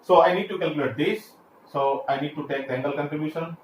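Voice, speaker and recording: A man's voice: fairly high pitch, fast talker. A man teaching a classroom lecture, explaining step by step with frequent fillers and restarts. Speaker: engineering lecturer. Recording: echoey room, faint background hiss.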